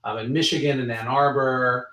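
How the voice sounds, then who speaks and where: A man with a mid-pitched voice relays viewer comments and questions, pausing often on ums. His voice has an echo from a roomy space. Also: fairly even intonation, fairly bright tone. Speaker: livestream moderator reading comments. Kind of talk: casual livestream chat.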